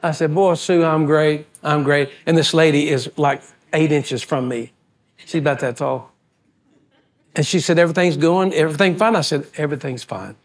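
Speaking at a moderate pace, a pastor delivers a folksy, animated sermon full of stories, playing out the other people in them as he goes. His voice runs a little high for a man.

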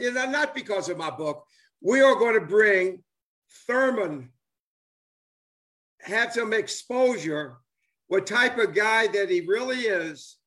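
A man's voice: sits high, fairly bright tone. An older man, a former ballplayer talking casually and enthusiastically, rambling with many restarts and fillers. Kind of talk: casual chat on a live stream.

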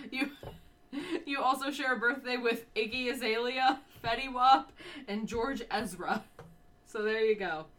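Fairly high-pitched and fairly bright, this young woman speaks a little slowly as co-host of a loose, unscripted podcast. Hiccuping throughout, she keeps rambling and chatting, laughing a lot as she pushes past them.

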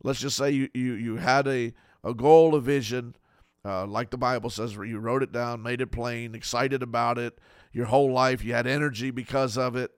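A man's voice: medium pitch, smooth, no echo, studio quality. A man preaching as a pastor, earnest and pleading, stacking up short repeated phrases. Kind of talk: sermon.

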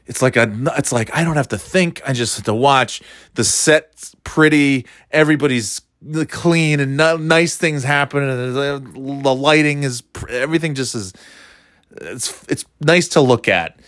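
A man, talking in a rambling, profane, animated way, dropping into quick impressions. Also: medium pitch, dry recording, clean studio sound. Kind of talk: casual comedic monologue.

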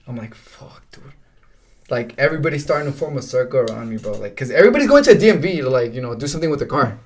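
A young man casually telling stories on a podcast, in a middle-pitched voice. His delivery is laid-back and full of swearing and "bro," and he laughs through his own stories. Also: sing-song, very fast. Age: young adult. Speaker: podcast co-host. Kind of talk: casual storytelling chat.

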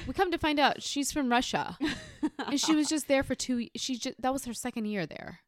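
A woman in her thirties co-hosting a casual podcast, telling a story and getting animated as it builds. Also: fairly quick, no room sound. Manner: animated storyteller, rises high when excited. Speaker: podcast co-host.

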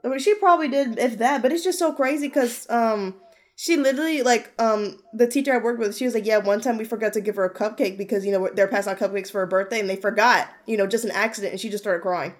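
A woman chatting casually over a video call, an animated storyteller who swears freely and mimics kids. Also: a little high, quick pace. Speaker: podcast co-host. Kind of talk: casual chat.

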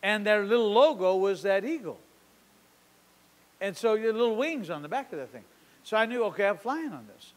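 A pastor with a high-pitched voice, preaching in a church. He tells a story and acts out its conversations, dropping his voice low and then rising loud. His voice rings with a long reverb in a big sanctuary. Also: lively intonation, moderate pace, long pauses. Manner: storytelling, acting out dialogue with shifting loudness. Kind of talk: sermon.

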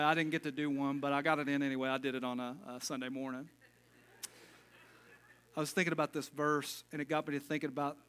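Bright-voiced folksy pastor, a man. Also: medium pitch, clean tone. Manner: folksy, joking asides, casual sermon talk. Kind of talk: sermon.

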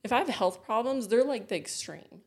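A woman's voice: a little high, animated, moderate pace, darkish tone. A woman co-hosting a podcast, telling a personal story in blunt casual chat with lots of swearing. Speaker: podcast co-host.

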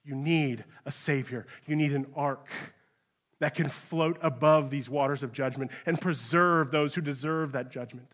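A man, a pastor, preaching a sermon in a church, speaking straight to his listeners with rhetorical questions and swinging between hushed, grave passages and raised, urgent ones. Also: on the high side, normal speed.

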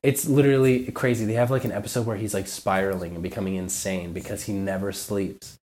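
Male podcast guest, lowish voice, loose and filler-heavy. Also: fairly even intonation, brisk, darkish tone. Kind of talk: casual podcast chat.

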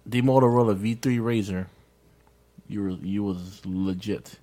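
A man's voice: fairly low pitch, steady tone, a little slow, dark tone, slight background noise. A man in his thirties hosting a casual podcast, rambling and nostalgic as he tells stories. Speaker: podcast host. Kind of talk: casual chat.

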